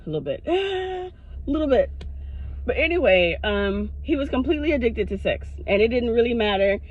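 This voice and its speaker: A woman vlogger telling a personal story to her camera in a frank, animated way, swearing freely. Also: on the high side, a little fast. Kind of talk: casual storytime monologue. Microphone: self-recorded on camera. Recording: dull lo-fi sound.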